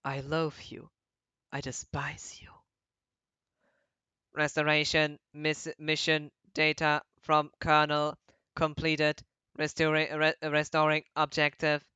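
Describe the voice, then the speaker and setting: A woman voicing a vengeful, reawakening artificial being that alternates flat system reports with hateful vows. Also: low voice, takes it slowly, clean tone, dry recording, dull audio, full character voice. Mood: cold hateful.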